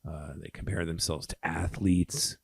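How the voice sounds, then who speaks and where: Very low voiced guy explaining a poem bit by bit for test prep, lots of um and okay. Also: steady tone, unhurried, creaky, slightly rough, no echo. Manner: explains step by step, with ums and okays. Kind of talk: poem walkthrough lesson.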